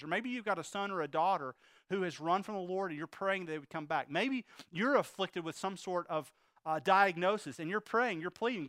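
A man's voice: high-pitched, fairly quick, fairly bright tone, dry recording. A man preaching a sermon to his congregation in an earnest, conversational way, full of asides and rhetorical questions. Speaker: pastor.

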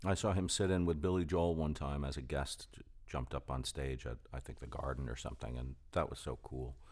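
A man's voice: a bass voice, fairly even intonation, brisk, a little mellow. A man hosting an interview, asking questions in a friendly, chatty way. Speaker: interview host. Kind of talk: casual interview talk.

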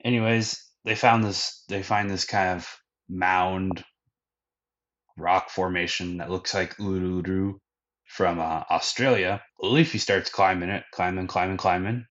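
A man with a deep voice rambles through an episode recap, leaning heavily on fillers as he chats casually. The sound is dull and muffled, with a lo-fi podcast quality. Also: steady tone, unhurried, fairly bright tone. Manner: rambling, filler-heavy storytelling. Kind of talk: casual chat.

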